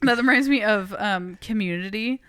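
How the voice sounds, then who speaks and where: A woman's voice: medium pitch, normal speed, a bit bright, smooth, no echo, clean studio sound. A woman co-hosting a podcast, chatting casually and giving her opinions on a movie. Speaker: podcast co-host.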